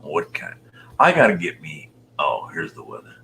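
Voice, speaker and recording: A man in his sixties from Utah, a show host chatting casually with viewers, rambling and muttering soft half-whispered asides. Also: rumbling low, huge pitch swings, normal speed, vocal fry, a little hiss or hum. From Utah, USA. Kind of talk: casual livestream chat.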